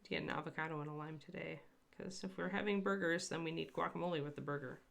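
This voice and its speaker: Woman host, low voice with vocal fry; rambling chatty painting demo, talks to chat. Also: fairly even intonation, fast, a bit bright. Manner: chatty and rambling, answers live chat by name. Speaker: miniature painter hosting a livestream. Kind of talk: casual painting demonstration.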